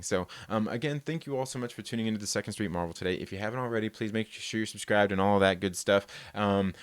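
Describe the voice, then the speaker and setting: Laid-back low-voiced man on a livestream. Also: no echo. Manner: rambling, laid-back, laughs often. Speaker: live-stream host. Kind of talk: casual live-stream chat, reading viewer comments.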